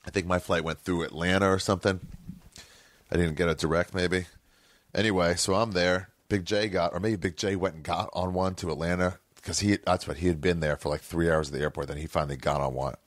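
A man's voice: sits low, fairly even intonation, brisk, dry recording. A man hosting a podcast, telling a long rambling story in casual, profane talk, often correcting himself mid-sentence. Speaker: podcast host.

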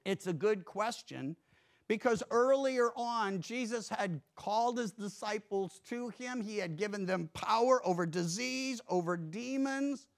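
High-voiced man preaching a sermon. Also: measured pace. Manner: earnest preaching with emphatic rises and hushed drops. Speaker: pastor. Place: church.

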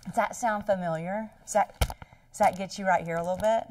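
A woman's voice: medium pitch, steady tone, a little fast, a little mellow, far from the mic. A woman leading a Bible study in a conversational style, dramatizing the story with laughing asides.

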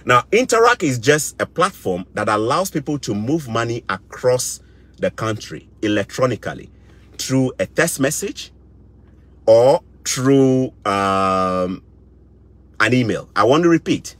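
A man's voice: mid-range voice, sing-song, a little slow, a bit bright. A middle-aged Ghanaian man with a Ghanaian English accent, giving impassioned commentary, indignant and repeating phrases for emphasis. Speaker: vlogger.

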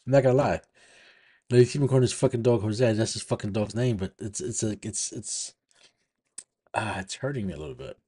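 A man talks over a clip he is watching, his voice low and husky. He swears freely and restarts his sentences as he works out what he thinks. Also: mellow. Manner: profane, halting, self-searching. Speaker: reaction streamer. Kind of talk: casual reaction commentary.

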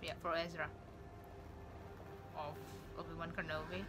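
A woman reacting to a show with excited, emotional exclamations, a soundtrack playing behind her. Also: low-pitched, unhurried, over loud music. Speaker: video reactor. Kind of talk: reaction commentary.

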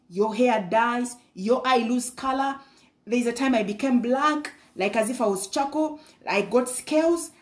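A woman's voice: on the high side, roomy sound. A woman preaching a fervent sermon, breaking in with hallelujah and sometimes stumbling over her words.

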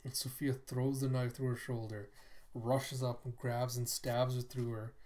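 A man reads through a comic book aloud and narrates the panels in a loose, conversational way. His voice sits at an ordinary middle pitch. He sounds like he is talking to viewers. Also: flat delivery, a little slow, a little mellow. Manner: chatty, conversational retelling.

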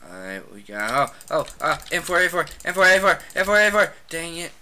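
A gamer giving casual, excitable commentary while playing a shooter, trash-talking opponents with frequent shouted outbursts. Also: mid-range voice, brisk.

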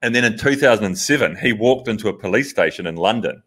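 Low-voiced man in relaxed chat. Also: slightly rough. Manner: relaxed, halting, with fillers. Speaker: podcast co-host. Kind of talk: casual chat.

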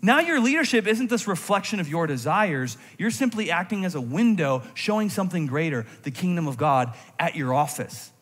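A man preaching a sermon in a church, animated, moving between intense emphasis and quiet reflective moments. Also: high-pitched, normal speed, few pauses, breathy edge. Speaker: pastor. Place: church sanctuary. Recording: long hall reverb from a church sanctuary.

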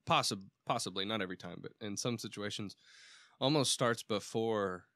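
A man's voice: on the low side, moderate pace, fairly bright tone, dry recording, clean studio sound. A man co-hosting a faith podcast in casual chat, rambling a little and restarting his sentences as he explains. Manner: rambling, self-correcting, restarts often. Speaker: podcast co-host.

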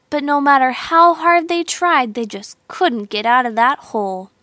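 Woman narrator, children's storybook, high voice, slow, expressive. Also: no echo. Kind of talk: storybook narration translated from sign language.

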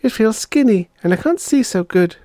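A man's voice: high-pitched, expressive, normal speed, warm tone, no room sound, studio quality, voice pushed up. A man voicing a wary, whiny little girl who has been turned into a chicken, complaining as she talks.

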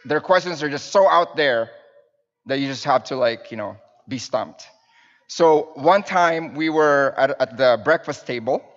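A man in his thirties preaching a sermon as a minister, telling family stories in a conversational, storytelling way to the congregation. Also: on the high side. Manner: warm storytelling with fillers and restarts, addressing the congregation. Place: church sanctuary with pews. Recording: dull sound in a reverberant church hall.

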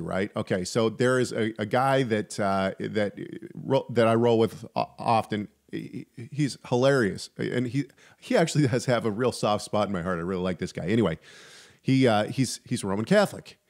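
A man's voice: medium pitch, moderate pace, darkish tone. Rambling, joking male podcast co-host. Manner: rambling, restarting sentences, joking asides. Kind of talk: casual chat about theology.

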